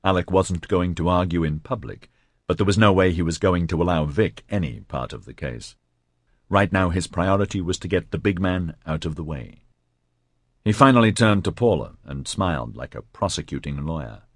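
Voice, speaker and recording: A man reading an audiobook in a scripted narration style, even and measured. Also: sits low, no room sound, studio quality.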